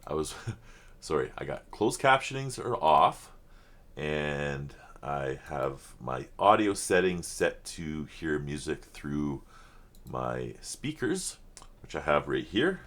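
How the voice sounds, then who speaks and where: A man's voice: rumbling low, big pitch swings, takes it slowly, a bit bright. A man hosting a reaction video, talking casually in a rambling, apologetic and earnest way at his home computer setup.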